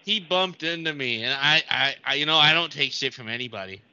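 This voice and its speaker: A man pitched high, with a piercing, bright tone, stumbling over his words on a prank call. The sound is dull and lo-fi with no room around it. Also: animated, a little fast, clean tone, dry recording. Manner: rambling, feigns being flustered. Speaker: prank caller.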